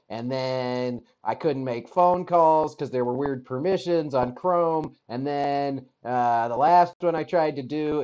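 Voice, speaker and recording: A man's voice: mid-range voice, darkish tone, highs cut off. A man hosting a podcast live, talking casually in a rambling, wry, self-deprecating way. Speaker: podcast host.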